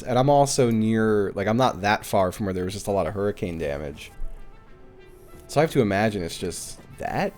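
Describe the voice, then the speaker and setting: Lively low-voiced man streaming a game. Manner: chatty, swears, thinks aloud, thanks viewers. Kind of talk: casual live-stream chat while playing.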